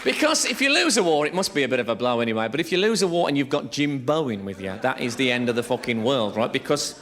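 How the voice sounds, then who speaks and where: A man's voice: mid-range voice, quick pace, background noise. A man, doing a rambling, swearing stand-up set in a theatre. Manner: lively, rambling, swearing storyteller. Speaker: stand-up comedian. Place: theatre stage before a laughing audience. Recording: live theatre recording, crowd laughter.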